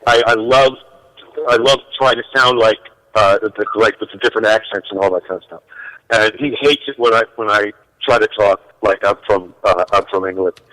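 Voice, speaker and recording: Musician guest, male, bright tone, chatty and laughing, stumbles over words. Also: on the low side, normal speed, long reverb tail, rough recording. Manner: jokey, laughing, restarts a lot. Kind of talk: casual radio chat.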